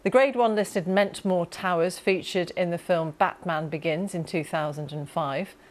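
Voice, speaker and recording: A woman news presenter with a slightly low voice, reading the bulletin in a formal, crisp tone. Her delivery is steady and clear. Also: normal speed.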